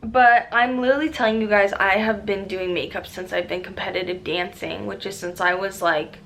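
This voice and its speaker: A young woman rambling casually in a makeup vlog, profane and excitable with lots of fillers, recorded on a camera mic at home. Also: mid-range voice, moderate pace, creaky, slight background noise. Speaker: beauty vlogger.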